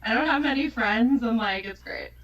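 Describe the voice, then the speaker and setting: A woman's voice: on the high side, moderate pace, fairly bright tone, highs cut off. A woman with an American accent, a guest chatting casually and laughing often. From United States. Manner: giggly, chatty. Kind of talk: casual chat.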